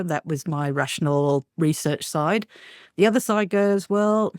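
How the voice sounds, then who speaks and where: Animated woman guest telling ghost stories. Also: low-pitched, a little slow, clean tone, no room sound, clean studio sound. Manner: lively anecdotes, acts out quotes, laughs often. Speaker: guest, paranormal investigator. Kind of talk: animated storytelling in an interview.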